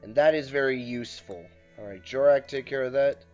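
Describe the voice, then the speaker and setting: A man's voice: medium pitch, fairly quick. A man casually commenting on his game as he plays, joking and bursting out in frustration. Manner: excitable, jokey, outbursts of frustration. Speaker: let's play host. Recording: muffled with faint background music.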